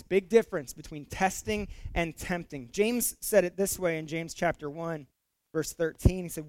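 A man's voice: fairly high pitch, normal speed, darkish tone, no room sound. A middle-aged male pastor preaching a sermon in a conversational way, with fillers and repeated words, rising to emphatic peaks.

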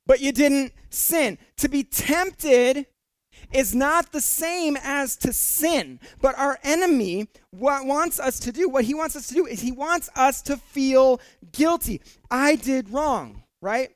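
A man's voice: very high-pitched, slow pace, no room sound. A male pastor preaching a casual, joking sermon who often stumbles into repeated words. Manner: conversational and jokey, repeats words when excited.

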